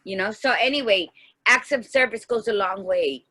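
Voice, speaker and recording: This podcast co-host has a high, sing-song voice that is creaky, pushed and bright, at normal speed. Chatting casually, she shares heartfelt personal stories and performs the dialogue within them.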